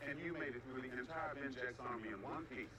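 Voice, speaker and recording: A man's voice: mid-range voice, fast talker, heavy background noise, lightly acted. An actor playing a stern male military commander who barks orders in a TV action drama. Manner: barking, commanding. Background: dramatic soundtrack music.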